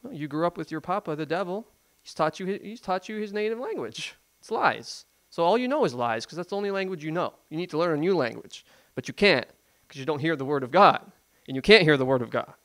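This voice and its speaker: Preacher doing a stern, blunt teacher, scolding, fairly high voice, little acting. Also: male voice, animated, quick pace, hardly any pauses, fairly bright tone. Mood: rebuking. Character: stern teacher rebuking his listeners, adult man.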